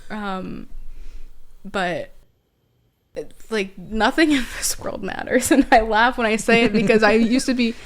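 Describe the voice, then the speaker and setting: A woman's voice: a little high, a little slow. A woman guest on a podcast, talking reflectively in casual chat with many fillers.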